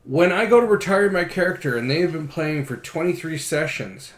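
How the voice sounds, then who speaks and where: Higher-voiced man in an echoey room. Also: animated, fairly quick. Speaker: board game podcast co-host. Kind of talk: casual chat.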